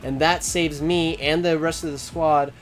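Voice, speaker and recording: A man's voice: fairly high pitch, steady tone, unhurried, faint music behind. Man casually explaining airsoft radio basics. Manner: explains steadily, restarts and fillers, plain talk. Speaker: host. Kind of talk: casual instructional chat.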